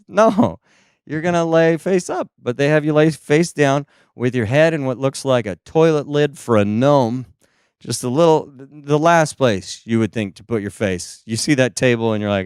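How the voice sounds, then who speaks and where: A man from Seattle doing a stand-up comedy set, telling a story with lively energy and sudden jumps into high squeaky voices when he quotes people. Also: normal speed, clean tone, no room sound, clean studio sound. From Seattle, USA.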